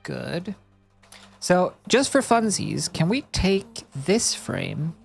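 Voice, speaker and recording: A woman's voice: lowish voice, big pitch swings, extremely slow, creaky, a little mellow, husky, soft background music. A woman live-streaming as she animates, thinking aloud and making playful sound-effect noises. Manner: thinks aloud while working, half to herself. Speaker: streamer animating digital art. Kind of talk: casual live-stream commentary.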